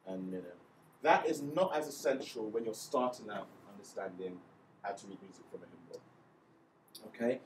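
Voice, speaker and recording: A man's voice: mid-range voice, slight background noise. Male music teacher, patient step-by-step explainer, counts beats aloud; recorded a bit off-mic in a roomy space. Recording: echoey room, voice a bit far from mic, faint ambience.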